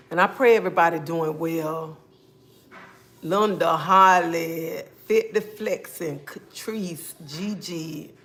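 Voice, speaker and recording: A woman hosts her own livestream, talking straight to her viewers in a loose, conversational way. She greets people one by one and slips in praise to God as she goes. Her voice sits in a middle pitch. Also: fairly bright tone. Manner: greets viewers by name, devout, chatty. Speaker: livestream host. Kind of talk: casual livestream chat.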